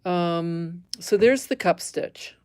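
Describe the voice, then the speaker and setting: A woman's voice: on the low side, takes it slowly, darkish tone, clean tone, dry recording. A middle-aged woman teaching embroidery on a live stream, thinking aloud as she stitches, correcting herself and chatting with viewers.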